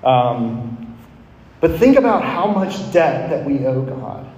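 A man's voice: mid-range voice, sing-song, slow pace, a little mellow. Earnest preacher man in echoey hall. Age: 30s. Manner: earnest, rising and falling, asks questions of listeners. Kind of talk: sermon to college students. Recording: echoey hall with long reverb.

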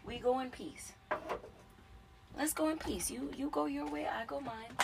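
A woman's voice: high voice, a little slow, gravelly, recorded from a distance, background noise. A woman speaking in an emotional personal monologue, addressing the listener directly and repeating her points with passion.

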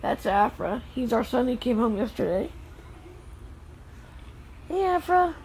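A woman filming her children playing outside in the snow, narrating casually and calling out gentle, firm warnings to the kids. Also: a little high, big pitch swings, unhurried, a little hiss or hum, poor audio. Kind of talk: casual family vlog. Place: outdoors in the snow.

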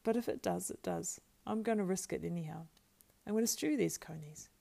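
A woman's voice: on the low side, brisk, vocal fry, dark tone. A woman voicing a practical, stout-hearted young male hobbit who talks bluntly and scolds in a homely way, in an audiobook. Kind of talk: audiobook character voice.

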